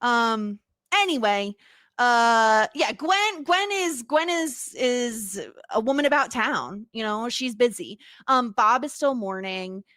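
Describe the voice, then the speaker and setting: A woman's voice: a little high, animated, takes it slowly, a bit bright, no echo, clean studio sound. A woman co-hosting a podcast, chatting casually and gushing with enthusiasm. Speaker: podcast co-host. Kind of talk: casual chat.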